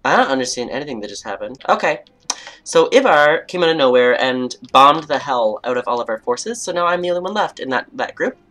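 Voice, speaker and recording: A woman's voice: extremely low pitch, very animated, brisk, fairly bright tone. A young woman with a Canadian accent giving playful, chatty commentary while playing a game and reading quest text aloud. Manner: playful and chatty, mock outrage, jokey asides. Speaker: let's play host.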